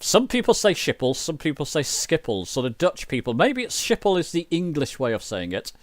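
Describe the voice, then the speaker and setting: A man's voice: a little high, wildly swooping pitch, fairly quick, no echo. A man chatting loosely during a flight sim livestream, rambling and poking fun at himself. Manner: chatty, rambling, self-mocking. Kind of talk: casual livestream chat.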